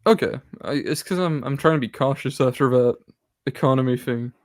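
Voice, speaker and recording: A man's voice: mid-range voice, brisk, no room sound, clean studio sound. A man co-hosting a casual film podcast, thinking aloud hesitantly as he guesses films. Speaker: podcast co-host. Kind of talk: casual chat.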